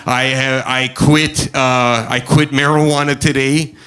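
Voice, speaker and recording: A man's voice: medium pitch, flat delivery, fairly bright tone. Nervous, rambling stand-up comic man. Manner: halting, nervous delivery with many fillers. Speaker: stand-up comedian. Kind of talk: stand-up comedy. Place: comedy club stage with a live audience.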